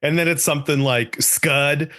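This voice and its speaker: A young man co-hosting a podcast in casual chat, joking and laughing often and acting out quoted lines in a higher voice. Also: fairly even intonation, moderate pace, bright, forceful tone. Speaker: podcast co-host.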